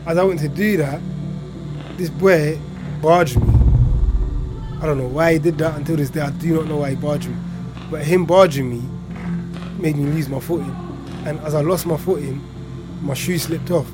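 A young man from East London with a local accent, quietly telling a personal story in a reflective way, often trailing off at the ends of his lines. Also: on the high side, moderate pace, pauses often, music in the background. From Hackney, East London. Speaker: interviewee.

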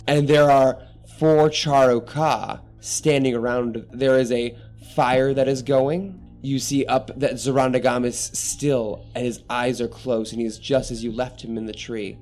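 A man's voice: mid-range voice, fairly even intonation, unhurried, a little mellow. Young guy game master, chill narration, lots of "like", faint music behind. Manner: casual, lots of "like", descriptive.

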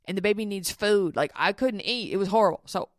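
A woman's voice: medium pitch, a little fast, no room sound, studio quality. A woman in her thirties hosting a solo podcast, chatty and frank, swearing freely and acting out what others said. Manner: chatty, frank and profane, with mimicked quotes. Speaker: podcast host. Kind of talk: casual solo podcast chat.

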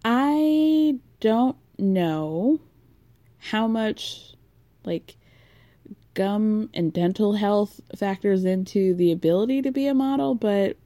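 A chatty woman talks through a recap in a loose, frank way, dropping curse words and plenty of fillers. Her voice is soft and mellow. The sound is close and dry, with no room around it. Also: medium pitch, no room sound. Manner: frank, swears freely, chatty with many fillers. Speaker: podcast host recapping a reality show. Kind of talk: casual recap monologue.

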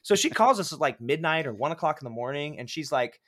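A guest filmmaker in his thirties tells casual podcast stories in an animated, profane way, swearing and laughing a lot. His voice is on the high side, and he talks at a quick pace.

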